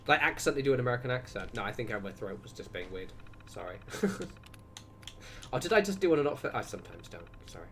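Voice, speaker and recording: A man's voice: medium pitch, big pitch swings, fast talker, fairly bright tone, slight background noise. A young man streaming a game, chatting casually to viewers in a rambling way and often cutting himself off mid-sentence. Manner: rambling, self-interrupting, chatty asides to viewers. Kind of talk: casual gaming livestream chat.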